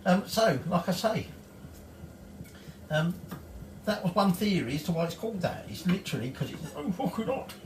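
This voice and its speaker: Northern English home cook, middle-aged man, lively sing-song delivery, off-mic in an echoey kitchen, loose and sweary. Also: sits high, normal speed, pauses often, far from the mic, slight background noise. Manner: chatty, swears casually. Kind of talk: casual cooking tutorial.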